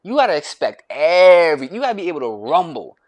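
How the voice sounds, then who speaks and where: A man's voice: fairly high pitch, big pitch swings, fast. Young American guy, grumpy rambling rant, profane and repetitive. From United States. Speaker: vlogger.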